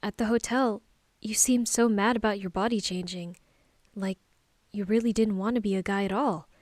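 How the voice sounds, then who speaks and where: A woman's voice: mid-range voice, steady tone, moderate pace, darkish tone, dry recording, close to an everyday voice. A woman voicing a timid, submissive young man who sounds shaken and hesitant, in an audiobook. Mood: questioning. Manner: whiny and hesitant.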